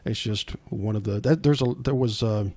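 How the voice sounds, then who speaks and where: A man's voice: on the low side, moderate pace, warm tone, no echo. Rambling man explaining with fillers. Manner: rambling, explains technical details with lots of fillers. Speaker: co-host. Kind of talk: casual chat. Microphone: headset mic.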